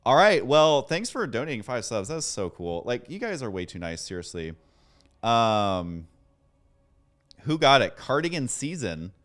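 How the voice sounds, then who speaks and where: A man streaming a game and chatting casually with viewers, excitable and self-deprecating as he thanks them by name. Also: medium pitch, a little slow. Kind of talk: casual livestream chat.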